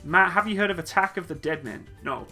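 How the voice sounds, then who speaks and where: Bright-voiced man on a live stream. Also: sits high, fairly quick. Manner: jokey, laid-back, laughs easily. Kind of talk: casual live Q&A, reading chat questions aloud. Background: faint upbeat music.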